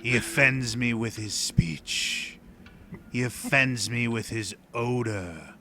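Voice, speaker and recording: A man voicing an ancient, monstrous spider ruler who speaks in a slow, disdainful, hushed whisper. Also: mid-range voice, lightly acted. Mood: menacing. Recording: steady background noise.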